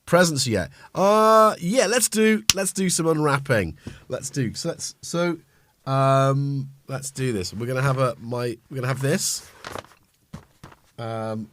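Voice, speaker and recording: Guy rambling on a synth stream from his home studio, lowish voice, dry sound, keeps cutting himself off. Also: no room sound. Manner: rambling, self-interrupting, chatty. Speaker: livestream host. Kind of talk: casual chat while playing synths.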